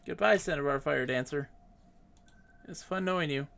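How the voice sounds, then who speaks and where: A man's voice: fairly high pitch, moderate pace, gravelly, a bit bright. A man streaming a game live, chatting casually and reading the game text aloud. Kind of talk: casual gameplay commentary.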